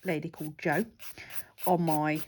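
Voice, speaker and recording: A woman's voice: low voice, flat delivery, unhurried, a little mellow. A woman from the UK chatting and laughing with a client while doing her nails. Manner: chatty, giggly, puts on silly voices in stories. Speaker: nail artist. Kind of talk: casual chat while working.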